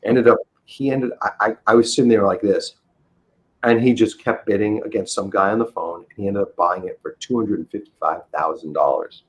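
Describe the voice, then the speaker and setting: A man's voice: fairly low pitch, fairly quick, low-quality recording. A middle-aged man, a guest on a podcast, telling stories in a rambling, enthusiastic way full of restarts. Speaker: interview guest, comic book dealer. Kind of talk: casual podcast storytelling.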